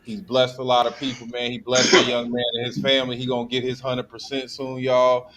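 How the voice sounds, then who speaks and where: Mid-pitched man hosting a panel call. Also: completely flat delivery, brisk, a bit bright, slight background noise, rough recording. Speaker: host. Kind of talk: casual panel chat.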